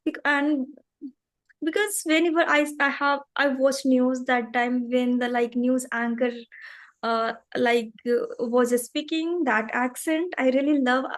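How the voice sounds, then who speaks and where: A woman's voice: high-pitched, steady tone, unhurried. A woman, talking earnestly in a practice conversation, with many fillers and restarts. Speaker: English practice partner.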